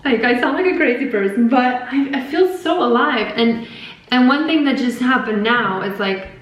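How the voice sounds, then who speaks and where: A woman hosting a podcast, talking in a casual, rambling and animated spiritual monologue with lots of fillers. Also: on the high side, normal speed, muffled recording. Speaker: podcast host. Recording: very echoey room.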